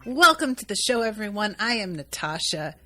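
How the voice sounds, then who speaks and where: A woman's voice: medium pitch, very animated, normal speed, over music. Chatty, profane woman podcast host. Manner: chatty and profane, with laughs and asides. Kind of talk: casual episode recap.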